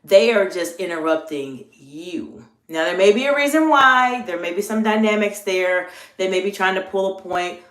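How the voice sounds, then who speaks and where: A woman executive communication coach giving a live coaching talk, earnest and repetitive, slowing down to model the phrases she teaches. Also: medium pitch, lively intonation, a bit bright. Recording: echoey room.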